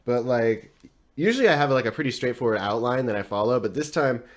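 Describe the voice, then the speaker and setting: A man's voice: mid-range voice, lively intonation, fairly quick. Man, podcast host, casual storytelling, rambling, swears a lot, lots of fillers, chuckles often, mid-range voice. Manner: rambling, profane, frequent laughs, many fillers.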